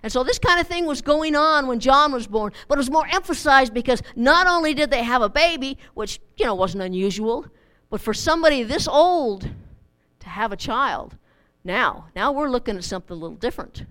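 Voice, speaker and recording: A woman's voice: high-pitched, lively intonation, brisk, fairly bright tone, clean tone. A middle-aged woman teaching a Bible study in a chatty, informal way, repeating words as she goes.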